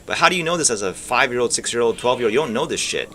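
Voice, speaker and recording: This man talks rapid-fire in a mid-range voice with lively intonation and a sharp tone, over slight background noise. He's a gaming streamer giving rambling commentary during play, swearing offhandedly and drifting off mid-thought.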